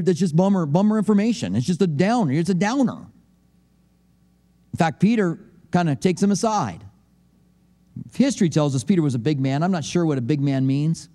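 A man's voice: a little high, warm tone, long reverb tail. A man preaching a sermon as a pastor, talking conversationally and acting out quotes with humor. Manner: conversational, joking, acts out quotes.

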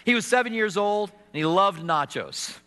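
A middle-aged man delivering a sermon, his voice fairly high and ringing bright. He tells stories and acts out quotes with touches of humor. The sound carries a long hall reverb. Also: animated, normal speed, faint music behind. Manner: storytelling with acted quotes and humor. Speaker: pastor.

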